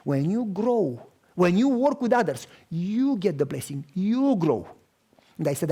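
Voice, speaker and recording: Emphatic preacher. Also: male voice, sits high, expressive, moderate pace, warm tone. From Romania. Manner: emphatic, acts out dialogue. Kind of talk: storytelling sermon.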